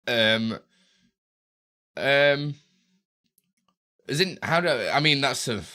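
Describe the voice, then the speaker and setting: A man's voice: mid-range voice, sharp tone. A young man live-streaming, chatting casually with viewers while he tinkers with his setup, often tripping over and repeating his words.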